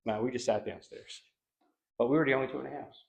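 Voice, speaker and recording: A man's voice: mid-range voice, steady tone, quick pace, creaky, darkish tone. A man from Philadelphia, a paranormal investigator, chatting casually and animatedly in an interview, slangy and calling people dude. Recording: echoey room, dull sound.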